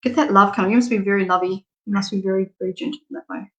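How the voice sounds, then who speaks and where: A woman's voice: medium pitch, fairly even intonation, rapid-fire, highs cut off. A middle-aged Australian woman giving a spiritual reading on a live stream, frank and affectionate, laughing often. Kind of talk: casual live-stream chat.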